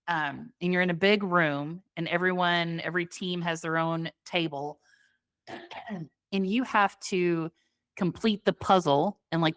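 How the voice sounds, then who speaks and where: A woman's voice: fairly low pitch, fairly bright tone, clear, resonant tone, no echo. Chatty young woman with a dry close voice. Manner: chatty, laughs often, lots of fillers. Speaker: podcast co-host. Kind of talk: casual chat.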